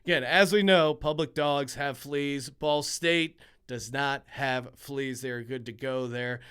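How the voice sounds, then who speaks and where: A man hosting a sports betting show, giving his picks in a conversational way with many fillers and quick asides. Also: mid-range voice, fairly even intonation, a bit bright, smooth. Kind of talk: casual betting picks commentary.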